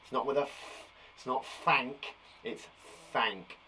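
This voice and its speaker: A man with a British accent teaching a phonics lesson to young children, sounding out words slowly and encouraging them. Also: mid-range voice, level tone, sharp tone, slight background noise.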